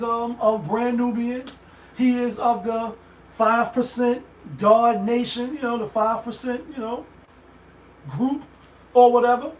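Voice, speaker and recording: A man hosting a casual commentary show, talking in an animated, profane way and acting out the voices he quotes. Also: very high-pitched, a little hiss or hum. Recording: echoey room, voice a bit far from mic.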